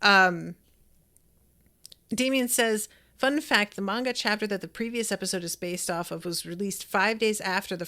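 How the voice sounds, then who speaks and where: A woman's voice: medium pitch, fairly bright tone. A woman hosting a podcast, chatting enthusiastically as she reacts to an episode and reads out listener comments. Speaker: podcast host.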